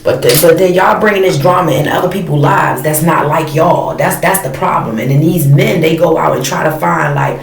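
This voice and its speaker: A woman in her thirties vents in a blunt, profane, fired-up rant, her voice rough with vocal fry. She sits back from the mic in a roomy, echoing space. A faint noise runs underneath. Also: sits low, a little fast, few pauses. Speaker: storyteller vlogger. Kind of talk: casual rant to camera. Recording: echoey room, mic at a distance, faint noise.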